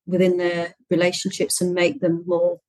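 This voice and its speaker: A woman therapist as an interview guest, explaining her methods in a measured, encouraging way. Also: lowish voice, completely flat delivery, a little mellow, dry recording, rough recording. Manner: measured, explanatory, encouraging, frequent agreeing murmurs. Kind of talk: interview answers.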